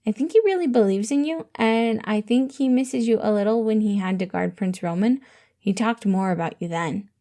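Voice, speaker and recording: A woman's voice: medium pitch, normal speed, warm tone, lightly acted. A woman voicing a cheerful, earnest little orphan boy with an eager, innocent way of talking.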